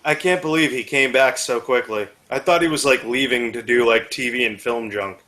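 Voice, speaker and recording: Man, bright forceful voice, american, rambling casual chat with swearing. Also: medium pitch, normal speed. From United States. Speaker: podcast co-host.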